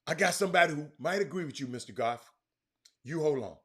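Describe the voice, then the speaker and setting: Sports talk host, bright high voice, swings from loud banter to mutters. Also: male voice, fast. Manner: animated, reads viewer comments aloud, drops to a mutter. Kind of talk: casual live-stream sports chat.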